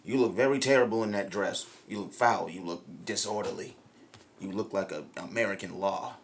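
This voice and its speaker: A man's voice: on the low side, fairly quick, a little hiss or hum. Young man cutting in defensively. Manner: joking, defensive interjections. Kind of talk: casual chat.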